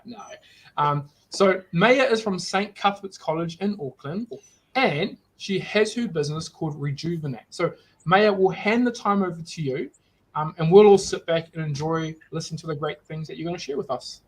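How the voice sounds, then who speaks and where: A man's voice: fairly high pitch, normal speed, slightly rough, poor audio. A man hosting a live online student market, upbeat and rambling with frequent restarts.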